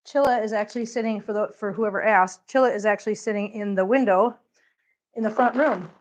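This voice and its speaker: A woman's voice: medium pitch, brisk. A woman hosting a casual livestream, chatting with viewers and cooing baby talk at her cats. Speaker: channel host. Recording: dull lo-fi sound.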